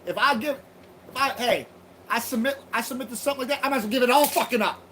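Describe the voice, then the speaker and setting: A man's voice: very high voice, fast, pushed and bright, slight background noise. A man hosting a livestream, ranting bluntly with heavy swearing and rambling restarts. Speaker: livestream host. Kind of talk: profane rambling monologue. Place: home livestream.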